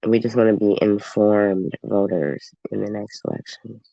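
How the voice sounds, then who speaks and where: This congested streamer talks casually and aimlessly to viewers in a fairly low, gravelly voice with a dark, steady tone at a moderate pace. The recording is dry, with dull lo-fi stream audio.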